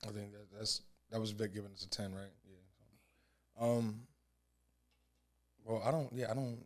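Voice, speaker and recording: A man's voice: on the low side, fairly even intonation, measured pace. A man in his thirties co-hosting a casual podcast, telling stories in a laid-back way with profane, laughing banter and frequent restarts. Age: 30s. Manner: rambling storyteller with frequent restarts. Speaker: podcast co-host. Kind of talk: casual chat.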